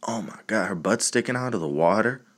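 A man's voice: lowish voice, expressive, brisk, a bit bright. A man doing a crude, bragging buddy on a call. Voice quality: crude, swaggering.

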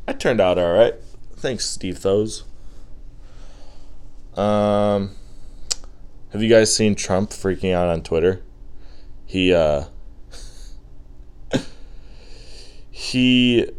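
A man's voice: low voice, a little mellow. A young man hosting a podcast, rambling through casual chat with crude jokes and lots of fillers.

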